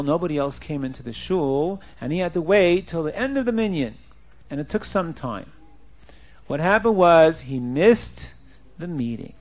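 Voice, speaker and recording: A man with a fairly high voice tells a story to a class of boys. He keeps it animated, leaping in pitch and acting out each speaker in the tale. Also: vocal fry. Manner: animated, jumps in pitch and acts out quotes. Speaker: teacher telling a story to boys. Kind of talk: storytelling lesson.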